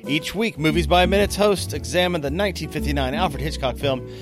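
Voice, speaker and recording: A man's voice: a little high, brisk, music in the background. A man co-hosting a casual film podcast, talking in a jokey, rambling way that often breaks off and restarts. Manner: jokey, rambling, self-interrupting. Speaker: podcast co-host. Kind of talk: casual chat about film.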